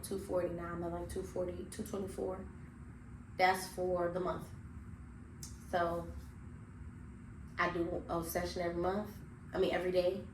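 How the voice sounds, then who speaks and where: Lowish-voiced woman talking blunt and reflective on a podcast, echoey room, slight hiss. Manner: blunt, reflective, swears freely. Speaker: podcast co-host. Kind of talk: casual chat. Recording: echoey room with faint noise.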